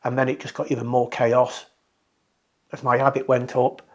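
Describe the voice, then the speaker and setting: A middle-aged British man telling his own story of addiction and recovery in a candid, reflective way, often halting and restarting his sentences. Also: medium pitch, little pitch movement. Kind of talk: personal testimony.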